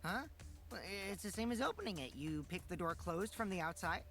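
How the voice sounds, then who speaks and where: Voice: mid-range voice, animated, brisk, a bit bright, faint music behind. An actor playing a mischievous teenage boy liar in dubbed game dialogue, glib and playful. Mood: teasing.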